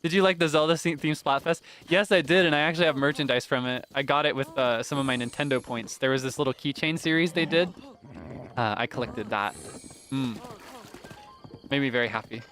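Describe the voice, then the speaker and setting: A man's voice: medium pitch, brisk, a bit bright. A man streaming a video game, chatting casually in a playful way and laughing often. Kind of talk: casual gameplay commentary.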